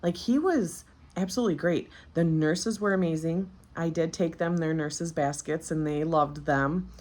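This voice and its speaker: A woman's voice: low voice, normal speed, darkish tone. A woman in her thirties telling a personal story as a vlogger, candid and chatty, with many fillers, recently postpartum. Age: 30s. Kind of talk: casual storytelling.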